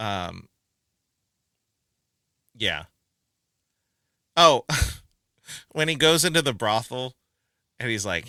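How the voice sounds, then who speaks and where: A man's voice: medium pitch, big pitch swings, very slow, pauses often, pushed and bright, no room sound. A man co-hosting a movie review podcast in casual chat, laughing often and acting out quotes from the film. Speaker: podcast co-host.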